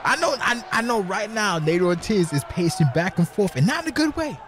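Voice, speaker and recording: Brash, high-voiced heckling color commentator man. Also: big pitch swings, fairly quick, crowd noise, background noise. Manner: profane, heckling, yells insults at the wrestlers. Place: commentary booth.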